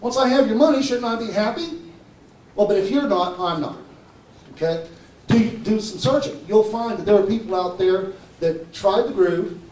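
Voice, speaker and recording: A conference presenter with a fairly high voice gives a live talk in a warm, mellow, persuasive tone, repeatedly checking in with the audience. The recording picks up a little hiss or hum and sounds roomy and far off, like it came from across a hall.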